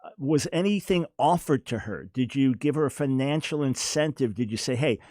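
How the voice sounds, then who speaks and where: A man's voice: mid-range voice, animated, moderate pace, darkish tone, no room sound. A man hosting a radio call-in show, asking probing questions and giving brief affirmations. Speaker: radio host. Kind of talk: radio interview.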